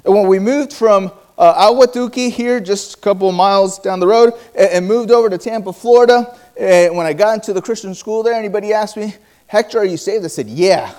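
High-voiced man preaching a sermon. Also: darkish tone, clear, resonant tone. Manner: storytelling with quoted dialogue and halting restarts.

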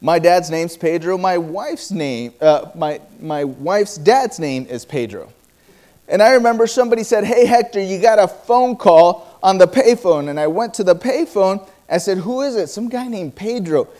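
Male preacher, high-pitched, storytelling sermon with acted-out quotes and frequent restarts. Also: animated, moderate pace, warm tone.

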